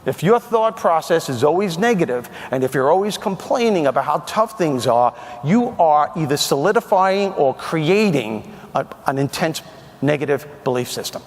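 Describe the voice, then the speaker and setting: A man's voice: on the high side, lively intonation, normal speed. A man on stage delivering a comedic motivational keynote to an audience in a large hall, punchy and emphatic. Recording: reverberant hall.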